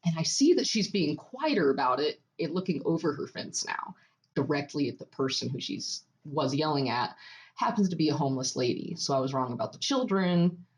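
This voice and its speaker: A woman's voice: low-pitched, lively intonation, fairly quick. A young woman co-hosting a podcast, telling a story in casual chat with frequent laughs. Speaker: podcast co-host.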